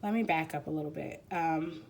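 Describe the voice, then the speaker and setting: A woman with a fairly low voice gives an intuitive card reading in a quiet room. She talks in a halting, rambling way, full of fillers, and becomes emotional as she goes. A faint hum sits under her voice. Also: vocal fry. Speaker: tarot reader.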